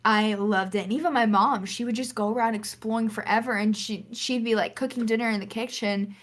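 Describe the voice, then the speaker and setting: A young woman co-hosting a gaming podcast, telling a lively story and acting out the lines. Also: a little high, brisk. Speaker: podcast co-host. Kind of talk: casual chat.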